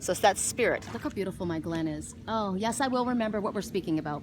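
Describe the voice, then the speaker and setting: A woman's voice: medium pitch, lively intonation, fast, noisy background. A woman giving a casual oracle card reading outdoors by the water, talking in a rambling way with many restarts. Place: outdoors by water in a wooded glen.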